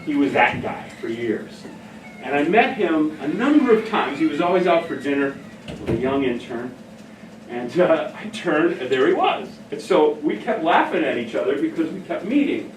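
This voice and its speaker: A middle-aged man tells stories in an animated, chatty way. His voice sits a little high and rings in a roomy hall. He is heard from some distance, with faint hum behind him. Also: normal speed. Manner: animated storyteller, laughs often. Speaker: speaker on behavioral care. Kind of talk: casual talk to an audience. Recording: echoey room from far off.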